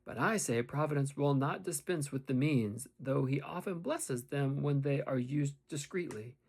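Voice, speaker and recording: A man's voice: mid-range voice, moderate pace, husky. A man reading an audiobook, voicing a composed, secretive middle-aged woman servant who talks coolly and politely. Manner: calm, even, coolly polite. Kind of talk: audiobook character voice.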